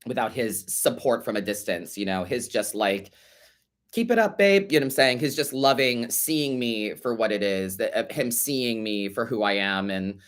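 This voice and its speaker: A man's voice: lowish voice, moderate pace, few pauses, fairly bright tone. A man hosting a live tarot podcast, answering listener letters in a sassy, profane way, calling listeners babe and honey and repeating his points for emphasis. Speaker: podcast host and tarot reader.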